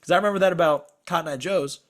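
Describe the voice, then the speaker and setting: A man's voice: on the high side, fast. A young man co-hosting a podcast over a video call, telling a story as a profane, exasperated rant. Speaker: podcast co-host.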